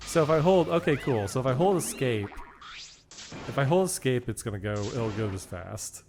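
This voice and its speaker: Young male streamer, casual frustrated rants, mid pitch, faint music behind. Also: lively intonation, normal speed, darkish tone. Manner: frustrated, swearing, self-mocking rants. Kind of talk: casual gaming stream commentary.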